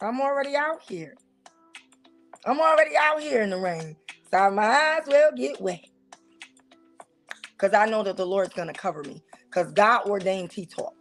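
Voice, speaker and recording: A woman with a Southern US accent hosting a casual talk show, talking straight to her viewers in an animated, preachy and teasing way. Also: medium pitch, normal speed, pauses often, faint music behind. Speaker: host. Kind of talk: casual commentary on church life.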